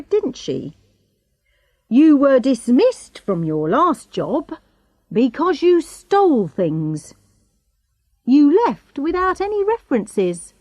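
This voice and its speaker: A woman's voice: sits high, a little mellow, no echo, highs cut off, voice pushed up, heavily acted. A woman voicing a stern male police inspector who questions suspects with pointed tag questions. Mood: pressing.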